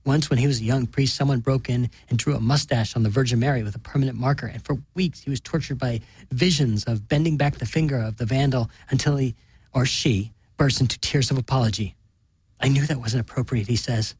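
Husky man reading fiction aloud, deadpan. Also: medium pitch, a little fast, no room sound. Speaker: narrator. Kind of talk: audiobook reading.

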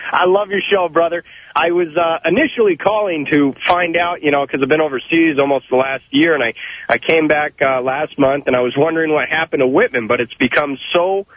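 A man's voice: on the high side, brisk, no room sound. A man calling in to a radio show, a Marine veteran talking in a friendly, easygoing way. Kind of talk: phone-in chat. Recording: dull phone-in line.

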